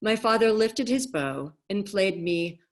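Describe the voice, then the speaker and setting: A woman author reading her novel aloud in a measured, expressive way over a video call. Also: medium pitch.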